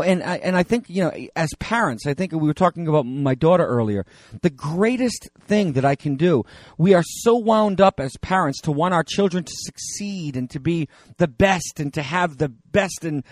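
A man's voice: fairly high pitch, darkish tone, no room sound, studio quality. Man preaching a conversational sermon. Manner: conversational preaching with fillers and restarts. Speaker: pastor.

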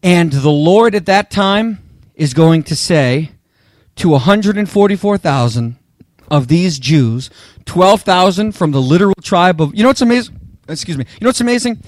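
A man's voice: sits high, animated, moderate pace, no echo, studio quality. A man preaching a sermon with emphatic delivery, talking straight to the congregation. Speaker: pastor.

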